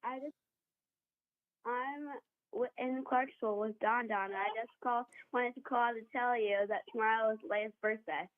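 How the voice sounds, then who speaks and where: A woman's voice: on the high side, steady tone, normal speed. A woman calling into a radio show, chatty and familial. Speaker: caller. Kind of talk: casual phone call. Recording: tinny phone line.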